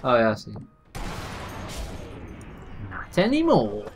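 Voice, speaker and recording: A man commentating a co-op shooting game with a friend, jokey and excitable. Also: mid-range voice, slow pace. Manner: jokey, excitable, breaks into laughs. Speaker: gamer, co-host. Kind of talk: casual co-op gameplay commentary.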